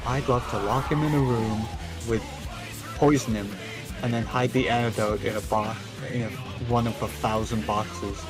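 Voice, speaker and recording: A man's voice: medium pitch, steady tone, moderate pace, music in the background. A Scottish man streaming a game, chatting casually, joking and swearing freely. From Scotland. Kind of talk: casual gaming chat.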